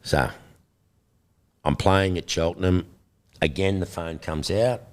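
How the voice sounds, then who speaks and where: An older Australian man in an interview, telling animated stories and acting out the voices of the people in them. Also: sits low, slow. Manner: animated storyteller, acts out quoted voices. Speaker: guest. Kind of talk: storytelling interview.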